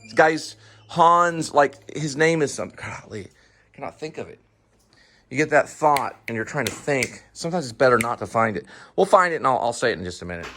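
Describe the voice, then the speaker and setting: A man's voice: mid-range voice, expressive, a little fast. Co-host, man, casual and meandering, forgets names mid-thought, faint room noise. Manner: rambling, searches for names, hums and chews. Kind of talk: casual home chat over a meal.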